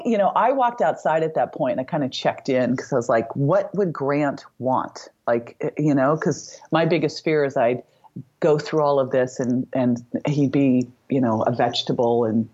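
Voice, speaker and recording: A woman's voice: extremely low pitch, a little mellow, husky, muffled recording. A middle-aged woman guest on an interview show, telling a personal story vividly and acting out the dialogue. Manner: vivid storyteller who acts out quoted dialogue. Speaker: podcast guest.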